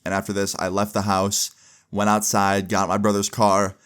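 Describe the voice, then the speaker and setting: A man's voice: fairly low pitch, monotone, normal speed, a bit bright, clear, resonant tone. A young adult man casually narrating a personal story, full of "like" fillers and acting out quoted dialogue. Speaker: storytime vlogger.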